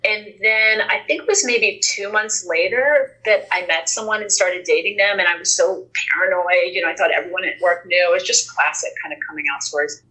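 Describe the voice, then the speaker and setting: A woman guest on a podcast, telling a personal story in an earnest, animated way, acting out the dialogue as she goes. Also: fairly low pitch, fairly quick, few pauses, low-quality recording. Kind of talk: conversational storytelling.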